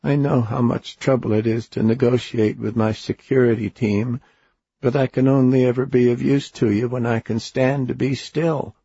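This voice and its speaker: A man voicing a polite, fatherly figure of time in a child's body in a storybook, speaking gently and formally. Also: medium pitch, steady tone, moderate pace, gravelly, husky, no room sound, pitched above the performer's own voice. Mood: courteous. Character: calm boy-shaped keeper of time, polite. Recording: dull lo-fi dry recording.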